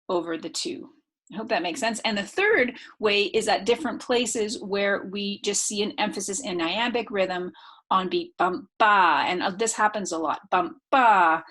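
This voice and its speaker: A woman teaching a music theory class in a recorded video lecture, her voice sitting at an ordinary middle pitch. She explains things in a relaxed, conversational way, with a few fillers, and now and then she sings out the rhythms.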